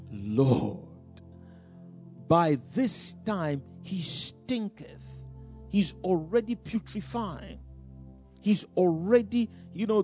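A male preacher delivers a sermon in a fairly high, gravelly voice. His pitch swings widely as he builds to sudden loud bursts and chuckles between phrases. Faint music plays behind him.

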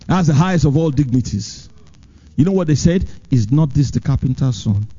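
A man preaching a sermon as pastor, with animated delivery that swings from high emphatic lines to low, drawn-out ones. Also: highs cut off.

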